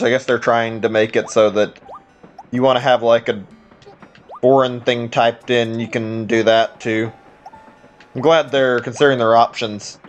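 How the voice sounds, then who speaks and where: A man streaming a video game, rambling and muttering to himself in casual commentary. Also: mid-range voice. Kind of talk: casual let's-play commentary.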